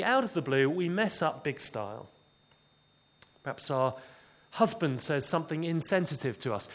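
A man preaching a sermon, expressive and dramatic, dropping low and quiet for emphasis.

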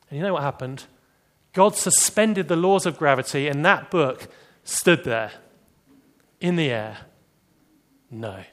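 A man preaching a sermon, animated, rising for emphasis and dropping to quiet, serious points. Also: mid-range voice, measured pace. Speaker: pastor.

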